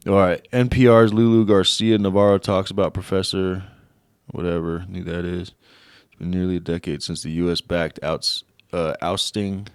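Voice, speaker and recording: Young American male podcast host, casual and profane, stumbles through read-aloud text; slightly low voice, dry close recording. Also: fairly even intonation, a little mellow, smooth, no room sound. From United States. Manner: profane, rambling, looks things up on air and reads aloud haltingly. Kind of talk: casual solo podcast rant.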